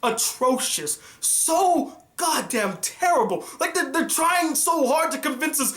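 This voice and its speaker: A man's voice: extremely high pitch, expressive, a little slow, fairly bright tone, echoey room. A young man ranting furiously about a film, profane and exasperated, in a vlog review.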